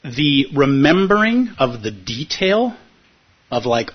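A man with a husky voice giving a reflective teaching talk, telling a personal story and often checking in with his listeners. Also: medium pitch, very animated, slow pace. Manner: thoughtful, often checks in with "right?". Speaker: meditation teacher. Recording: dull lo-fi recording.

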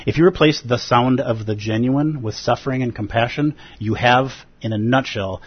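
Guy teaching buddhism at a retreat, kinda husky, earnest and expressive, dull lo-fi sound. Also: mid-range voice. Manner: earnest, expressive, acts out feelings with gasps and pauses. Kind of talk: dharma talk at a retreat. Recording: dull lo-fi recording.

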